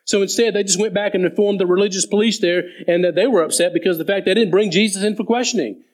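A male preacher with a slightly high voice works through a Bible passage verse by verse. He slows right down to read the scripture with deliberate weight. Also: poor audio. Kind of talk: sermon.

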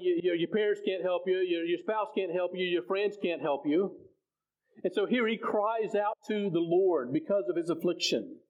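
A man with a slightly high voice gives a conversational sermon, stumbling and restarting as he works through scripture. The recording sounds dull and lo-fi. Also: darkish tone. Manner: conversational, repeats words and restarts. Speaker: preacher.

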